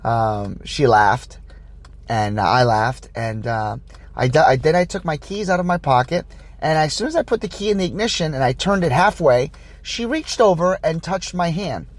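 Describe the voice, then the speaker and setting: A man hosting a podcast, telling a dating story casually in an animated way, stumbling and restarting as he acts out the dialogue. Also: on the high side, normal speed. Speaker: podcast host.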